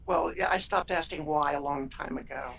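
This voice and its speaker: A woman in an interview with a gravelly, creaky voice, talking earnestly and acting out the people in her stories. She sounds distant and a little muffled, with faint hiss behind her. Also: deep voice, moderate pace, fairly bright tone. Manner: earnest, tells stories, acts out quoted voices. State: tearful. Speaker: guest. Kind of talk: interview conversation.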